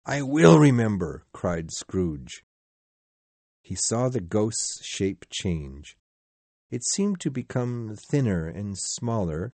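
A man reading a storybook aloud in a slow, measured, expressive way. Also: on the low side, dry recording. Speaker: narrator.

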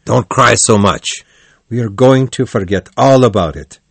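A man's voice: on the low side, lively intonation, a little slow, no room sound, full character voice. Serious old badger, as a guy reading the story puts him on, firm and dry-sounding. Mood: planning. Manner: gruff scolding then kind.

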